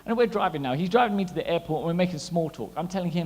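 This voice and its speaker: A man in his thirties doing a stand-up comedy set, chatty and animated, teasing the crowd. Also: a little high, rapid-fire. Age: 30s. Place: large hall at a gala dinner. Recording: long hall reverb.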